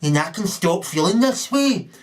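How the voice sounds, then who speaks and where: A man's voice: high voice, very animated, moderate pace, pitched above the performer's own voice. A man putting on the voice of a spiteful, envious male lout, with a sneering, mocking delivery. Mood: mocking rant.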